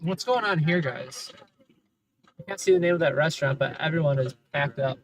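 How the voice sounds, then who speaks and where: A man's voice: a little high, fairly quick, a little hiss or hum, rough recording. A man livestreaming casual, sarcastic commentary from inside his car as he drives city streets, complaining about other drivers.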